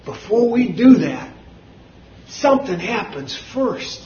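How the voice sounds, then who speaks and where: A man preaching a sermon, swinging from booming shouts to low murmurs. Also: expressive, slow pace, slight background noise. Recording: roomy, dull hall recording.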